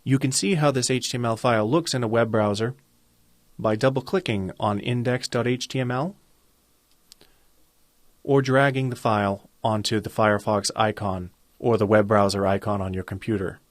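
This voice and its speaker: A man with a fairly low voice talks through a coding tutorial in a calm, step-by-step way. The sound is dry and close, with keyboard typing now and then behind him. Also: normal speed, no room sound. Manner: calm, methodical, step-by-step explaining. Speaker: web design instructor. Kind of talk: screen-recorded coding tutorial.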